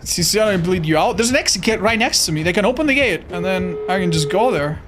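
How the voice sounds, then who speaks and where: A man streaming live gameplay, commenting excitably, swearing often and talking to his chat. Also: high voice, quick pace, slight background noise. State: tired.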